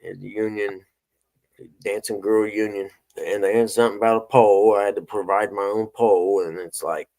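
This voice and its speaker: Gravelly-voiced folksy man hosting a chat. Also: on the low side, steady tone, moderate pace, mellow. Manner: folksy, rambling storyteller. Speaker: host. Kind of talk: casual morning show chat.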